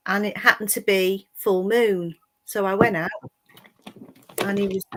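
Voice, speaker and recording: A woman co-hosting a casual live-stream chat, agreeable and telling a personal story in an unhurried way. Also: medium pitch, fairly even intonation, slight background noise.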